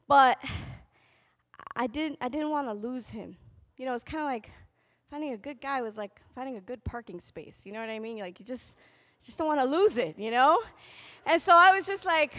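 A young adult woman giving a spoken testimony at a convocation, telling her story with animated delivery and acting out what people said. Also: high-pitched, normal speed. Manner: animated storytelling, acting out quotes in shifting voices. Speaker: convocation speaker. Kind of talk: testimony talk to an audience.

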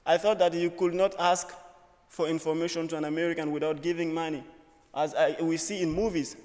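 A man's voice: fairly high pitch, fairly even intonation, brisk, a little mellow. Young man telling a story in a reverberant hall. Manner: earnest, humorous storytelling in short phrases. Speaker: student speaker. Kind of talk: personal story speech. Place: auditorium.

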